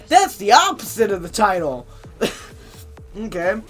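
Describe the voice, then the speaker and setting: High-voiced sarcastic young man. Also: very animated, a little slow. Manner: sarcastic, incredulous, laughs often. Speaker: commentary YouTuber. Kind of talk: reading and mocking online posts. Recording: faint background music.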